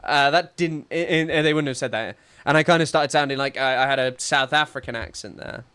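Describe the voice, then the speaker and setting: A man's voice: on the high side, a little fast, bright, forceful tone, smooth. A young man, rambling and sarcastic in casual live-stream commentary, full of restarts and fillers. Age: young adult.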